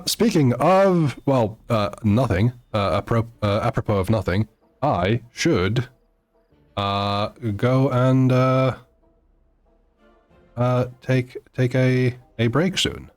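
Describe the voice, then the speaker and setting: A man chatting to viewers on a live game stream, halting often with fillers and restarts. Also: medium pitch, soft background music. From Netherlands. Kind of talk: live gameplay stream chat.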